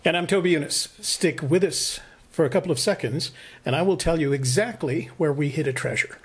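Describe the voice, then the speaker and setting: Husky-voiced man co-hosting a vlog. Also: on the high side, brisk. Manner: explanatory, teasing. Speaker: vlog co-host. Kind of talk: casual chat.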